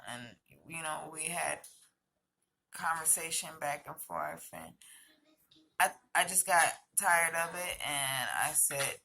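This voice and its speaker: A woman's voice: deep voice, unhurried, gravelly, bright, forceful tone. A woman telling a personal story as a vlogger, hesitant, with many fillers and restarts.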